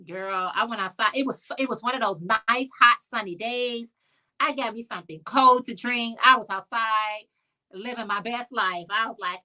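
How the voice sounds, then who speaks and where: A woman's voice: on the high side, moderate pace. A middle-aged woman hosting a live chat, telling a story casually and acting out the people she quotes. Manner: animated storyteller, acts out quoted voices. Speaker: live stream host.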